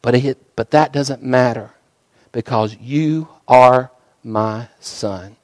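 A man voicing a tender, grieving father who speaks softly and earnestly as he comforts his young son. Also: medium pitch, slow, voice pushed down, lightly acted, rough recording. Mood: tender, hushed. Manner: hushed, soft and earnest.

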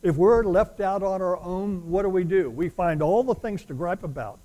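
A man preaching a sermon as a pastor, pressing his points with loud declarations and then dropping to quiet asides. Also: sits high, normal speed, low-quality recording.

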